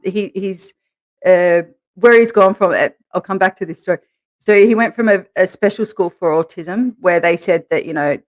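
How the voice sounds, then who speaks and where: A woman co-hosting a podcast, telling candid stories in a relaxed way and laughing as she goes. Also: lowish voice. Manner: laughs through her stories, animated quoting. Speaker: podcast co-host, interviewed as guest. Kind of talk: candid conversational storytelling.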